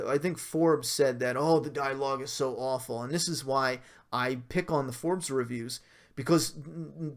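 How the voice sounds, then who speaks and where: Man, livestream host, rambling casual chat, lots of ums and restarts. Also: mid-range voice. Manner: rambling, frequent fillers and self-corrections, laughs between points. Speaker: livestream host reviewing a TV episode. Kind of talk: casual livestream chat reading viewer comments.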